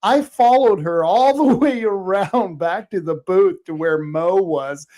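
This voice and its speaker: A man's voice: sits high, measured pace, a little mellow. A man hosting a talk show who tells his stories bluntly and with animation. He talks casually and with conviction. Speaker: host, independent journalist. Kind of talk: casual storytelling chat.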